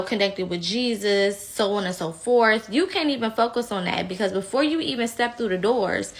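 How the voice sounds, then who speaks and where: A woman's voice: medium pitch, fairly bright tone. A woman giving heated, blunt opinion commentary, indignant and outspoken. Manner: slips into mocking impressions.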